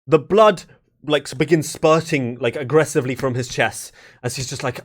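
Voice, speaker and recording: A man's voice: mid-range voice, moderate pace. Young male game master, informal narration, rambling delivery. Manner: loose, with many fillers and restarts. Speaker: dungeon master.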